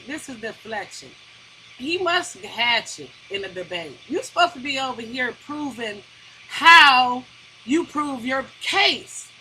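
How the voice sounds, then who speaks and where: A woman co-host giving sarcastic, animated commentary. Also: on the high side. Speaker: co-host reacting to a debate. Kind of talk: casual commentary. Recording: noisy background.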